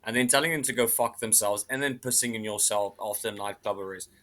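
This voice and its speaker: A man's voice: on the low side, quick pace, fairly bright tone. A man, a comedian on a panel, riffing emphatically and repeating phrases as he builds up jokes.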